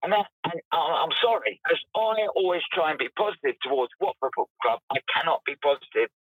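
A man's voice: a little high, expressive, fast, a bit bright, husky, no echo, poor audio. A man ranting as an emotional football fan caller, indignant and apologetic by turns.

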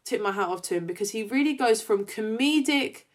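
Woman, podcast co-host, casual fan chat, fairly high pitch, animated, chatty. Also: a little fast. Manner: animated retelling, acting out quoted lines; chatty with many fillers.

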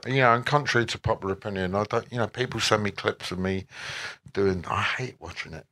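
An older man, a musician guest at a Q&A, giving relaxed and rambling answers with wry asides and frequent self-corrections. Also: fairly low pitch, fairly quick.

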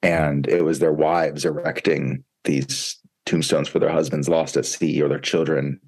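A man's voice: rumbling low, flat delivery, a little slow, a little mellow. A man co-hosting a book podcast, reflectively telling a personal story. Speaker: podcast co-host. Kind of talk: casual book discussion.

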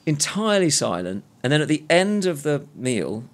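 A man's voice: on the high side, big pitch swings, normal speed. A man co-hosting a podcast, telling a rambling story in casual chat with many restarts. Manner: anecdotal, rambling with restarts, mimes gestures. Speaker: podcast co-host.

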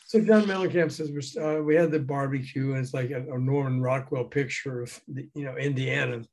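An older man, a guest in an interview, telling animated anecdotes with chuckles and acting out quoted dialogue. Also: medium pitch, fairly quick. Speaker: guest, former record promotion man. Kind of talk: casual storytelling interview.

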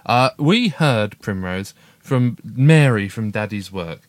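Upbeat dad, dry close sound. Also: male voice, fairly low pitch, expressive, slow, no room sound. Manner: chatty, upbeat, reads listener emails aloud. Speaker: podcast co-host, father. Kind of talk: casual family podcast chat.

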